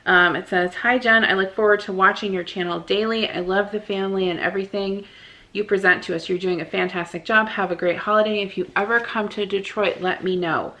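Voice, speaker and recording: A woman's voice: mid-range voice, fairly even intonation, a little fast, sharp tone. A woman in her thirties, a vlogger reading out viewer cards in a chatty, giggly way that rambles and restarts.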